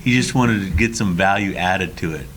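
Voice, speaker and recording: A man's voice: low-pitched, normal speed, a bit bright, slight background noise. A middle-aged man hosting a community TV talk show, bantering casually with a dry, sarcastic wit. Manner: teasing, dry sarcastic humor.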